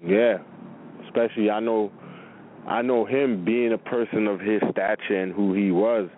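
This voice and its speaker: A man's voice: lowish voice, steady tone, moderate pace. A man hosting a radio show, chatting casually with callers in a laid-back way full of fillers. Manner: laid-back, filler-heavy talk with frequent laughs. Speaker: radio host. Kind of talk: casual on-air chat with callers. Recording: phone-like narrow radio audio with faint noise.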